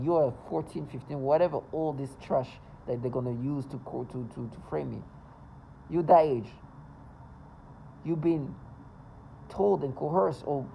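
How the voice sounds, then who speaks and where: A man's voice: a little high, creaky, warm tone, slight background noise, poor audio. A man talking to camera in a casual, rambling monologue, agitated and full of stumbles and restarts. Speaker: vlogger.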